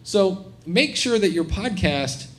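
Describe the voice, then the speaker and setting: A man's voice: high-pitched, slow pace, slight background noise. A middle-aged man presenting at a conference, talking casually to a live audience and acting out quoted voices. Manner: animated, acts out quoted voices. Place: conference room, live session.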